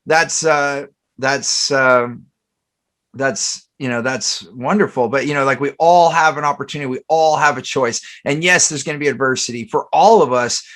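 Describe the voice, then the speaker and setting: A man's voice: mid-range voice, normal speed, fairly bright tone. A man hosting a casual podcast chat, telling stories in a rambling way with many fillers and restarts. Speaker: podcast host.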